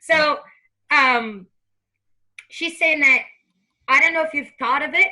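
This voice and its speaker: A woman's voice: sits high, slow, long pauses, sharp tone, rough recording. A woman giving a psychic medium reading, chatting and laughing as she acts out a spirit's words. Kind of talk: live reading conversation.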